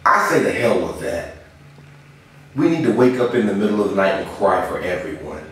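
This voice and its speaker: A young man with a fairly low voice delivers a dramatic spoken-word confession. He is earnest, sinking to a hush and then rising with passion. He is recorded far from the mic in a very echoey room with a faint hiss behind him. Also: sing-song, moderate pace. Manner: earnest, swings from hushed to impassioned.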